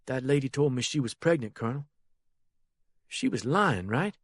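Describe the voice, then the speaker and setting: A jittery young country boy, eager to please and scared underneath, as a male narrator puts him on. His voice rides up high and strained, with a rustic drawl, in a dry, close reading. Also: very animated, normal speed, no echo. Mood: anxious. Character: simple frightened young male drug courier.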